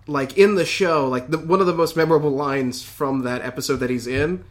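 A man's voice: a little high, steady tone, fairly quick. A man co-hosting a casual chat, hesitant, with many fillers and restarts. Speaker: podcast co-host.

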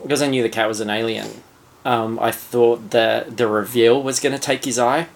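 A man's voice: mid-range voice, steady tone, moderate pace. A man co-hosting a casual film chat, swearing freely and using lots of fillers. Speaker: podcast co-host.

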